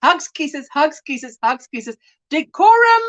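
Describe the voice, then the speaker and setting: A woman's voice: high-pitched, expressive, unhurried, fairly bright tone, highs cut off. A woman hosting a casual crochet livestream, chatting, reading out viewer comments and laughing often.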